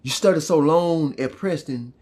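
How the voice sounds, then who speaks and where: A man with a husky, slightly high voice preaches in a fervent, swearing monologue. He drives his points with rhythmic repetition and keeps checking in with the listener. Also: normal speed, darkish tone. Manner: swearing, rhythmic, repeats "huh?" and "you feel me?". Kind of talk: impassioned street preaching monologue.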